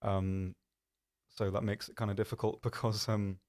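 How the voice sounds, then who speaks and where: Rambling man with a low voice. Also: flat delivery, normal speed, darkish tone. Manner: rambling, self-deprecating, many ums. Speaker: stream host. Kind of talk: casual live-stream chat.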